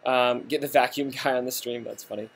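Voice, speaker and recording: A man's voice: medium pitch, fairly even intonation, fairly quick, creaky, a bit bright. A young man hosting a casual livestream from a hotel lobby, joking and laughing often. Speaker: livestream host.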